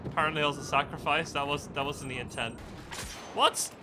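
A man giving casual, excitable commentary over his own gameplay, swearing and yelling at the game. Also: a little high, a little fast, noisy background. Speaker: gaming video host.

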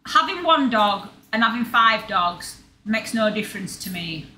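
Woman, casual home chat, broad dialect, bright tone, echoey room. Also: medium pitch, lively intonation, measured pace. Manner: chatty, broad dialect, trailing restarts. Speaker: co-host. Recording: echoey room, faint ambient noise.

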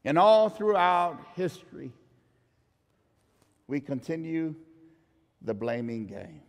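A man in his thirties preaching a sermon, swinging between loud emphatic lines and hushed ones. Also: a little high, big pitch swings, takes it slowly, gravelly, long reverb tail. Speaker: pastor. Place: church.

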